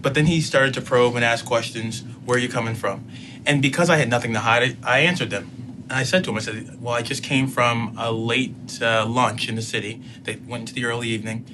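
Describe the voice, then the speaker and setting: A man's voice: mid-range voice, fairly even intonation, a little fast, noisy background. A middle-aged man telling a personal story in casual speech, acting out both sides of a conversation.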